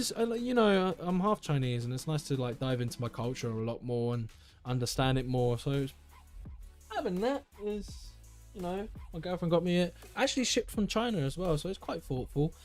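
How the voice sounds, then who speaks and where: A young man chatting casually on a live stream, rambling and correcting himself as he browses tech deals at home. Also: fairly high pitch. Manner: rambling, self-correcting, enthusiastic. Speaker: tech livestreamer.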